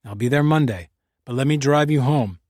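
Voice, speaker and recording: A man reading a calm ex-detective. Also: medium pitch, moderate pace, dry recording, clean studio sound, close to an everyday voice. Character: gentle middle-aged male ex-detective.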